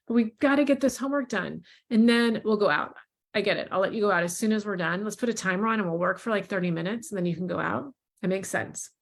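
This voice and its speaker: A woman, a mother and parenting creator, giving casual advice in a calm, reassuring way and modeling gentle phrases to say to children, with frequent ums. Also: mid-range voice. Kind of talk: casual advice talk with role-played parent lines.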